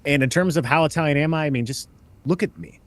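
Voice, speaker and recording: Deadpan joking man contestant. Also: on the high side, fast talker. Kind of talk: casual comedic chat.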